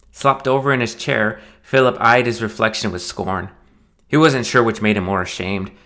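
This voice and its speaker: Low-voiced man narrating a wry story. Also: bright, forceful tone. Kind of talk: scripted audiobook narration.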